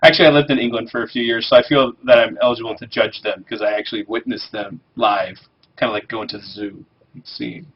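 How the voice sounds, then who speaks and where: Speaking fast in a lowish, fairly even voice with a breathy edge, this livestream host chats and jokes over gameplay, reading quest text aloud as he plays. The audio has its highs cut off.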